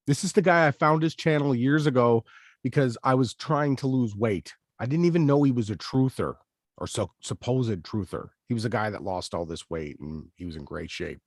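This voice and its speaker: A man's voice: mid-range voice, normal speed, dry recording, clean studio sound. A man hosting a commentary show, ranting indignantly and emphatically about a clip he has just played. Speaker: channel host.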